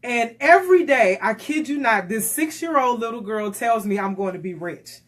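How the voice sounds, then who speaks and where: Middle-aged woman, faith radio co-host, high-pitched, acts out every quote. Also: moderate pace. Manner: animated storyteller who acts out quoted dialogue. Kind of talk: faith-based radio talk.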